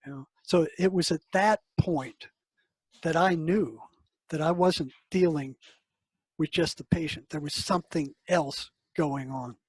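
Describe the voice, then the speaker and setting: A man's voice: on the high side, a little slow, slightly rough, no echo, rough recording. An older man, a psychotherapist, telling a story in a casual, conversational way and acting out the dialogue. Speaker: psychotherapist guest. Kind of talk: storytelling interview answer.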